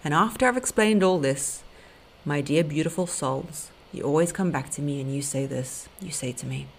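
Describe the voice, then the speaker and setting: A woman's voice: low-pitched, normal speed, vocal fry, slight background noise. Blunt woman giving dating advice. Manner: blunt, emphatic, lecturing directly to listeners. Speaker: podcast host and dating coach. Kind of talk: relationship advice monologue.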